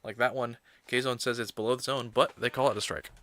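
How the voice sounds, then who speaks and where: Slight background noise surrounds this mid-range male voice, a little fast, as a livestreamer gets excited over a live baseball game and mutters self-critically while organizing clips.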